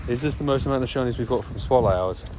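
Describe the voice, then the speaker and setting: A man giving excitable, nonstop live-stream commentary while walking outdoors and playing a mobile game. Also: medium pitch, fast talker. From United Kingdom. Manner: chatty, excitable running commentary, talking nonstop like a radio DJ. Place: outdoors on city streets. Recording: loud street noise with passing traffic.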